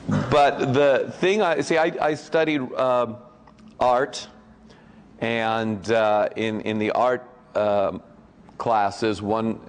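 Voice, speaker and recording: A man giving a guest of honor speech at a convention, telling jokes and anecdotes in a rambling way, breaking off often with fillers and restarts. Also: on the low side. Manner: rambling, joking, self-interrupting with fillers.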